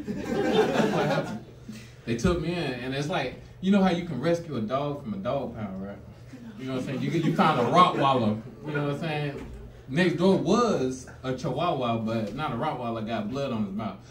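A man's voice: medium pitch, reverberant, recorded from a distance, noisy background. A man doing his first stand-up set, telling slangy stories and laughing through his own lines. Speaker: stand-up comedian. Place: comedy stage.

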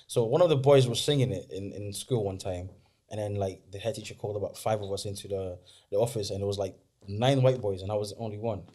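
Fast-talking Scottish man. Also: fairly low pitch, dark tone. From Scotland. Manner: quick, chatty, acts out dialogue. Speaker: podcast guest. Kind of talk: casual chat.

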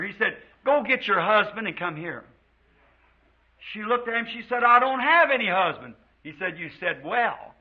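A man from the United States preaches to his congregation with fervour, his voice pitched high and a little husky. He stretches out his scripture quotes slowly, then speeds through the asides. The recording is dull and lo-fi, like an old church tape. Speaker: pastor. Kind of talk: sermon.

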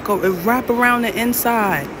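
Excited New woman touring an exhibit. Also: fairly high pitch, moderate pace, background noise. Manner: excited, emotional, talks under her breath to herself. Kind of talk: casual walk-through vlog. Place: indoor museum exhibit among crowds.

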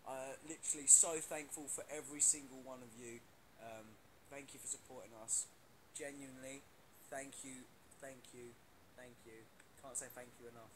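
Chatty young man, hissy stream. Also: mid-range voice. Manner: chatty and playful, laughs often, slangy. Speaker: musician live-streaming to fans. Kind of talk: casual live-stream chat.

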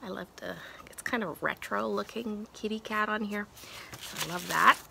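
A woman's voice: medium pitch, moderate pace, creaky. A woman talking at home in a chatty, gushing way, with many fillers, as she shows crafting supplies in a casual vlog. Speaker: craft vlogger. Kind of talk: casual show-and-tell chat. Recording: background noise of crinkling packaging.

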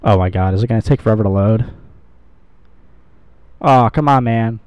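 A man's voice: lowish voice, moderate pace, darkish tone, smooth, no room sound, highs cut off. A man giving casual, rambling gameplay commentary, swearing and joking at himself as he plays. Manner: rambling, sweary, self-mocking. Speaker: gamer, channel host.

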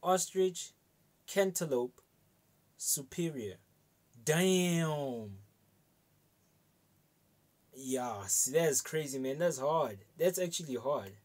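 A man hosting a reaction video, talking casually with excited exclamations and repeated praise. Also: on the high side, drawn-out words, long pauses.

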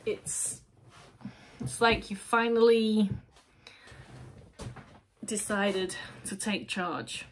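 A woman's voice: mid-range voice, steady tone, slow, long pauses, slight background noise. A woman giving a casual tarot reading to camera, talking straight to the viewer and asking and answering her own questions. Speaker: tarot reader.

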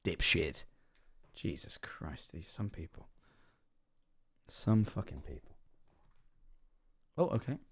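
A man's voice: low-pitched, very animated, takes it slowly, pauses often, slightly rough. A man streaming, giving casual reaction commentary, chatty and laughing often, with plenty of swearing.

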